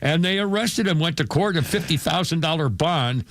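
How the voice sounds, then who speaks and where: A man's voice: a little high, lively intonation, moderate pace, fairly bright tone, a little hiss or hum. A man hosting a radio show, rambling through showbiz news in a casual chat with many fillers and chuckles.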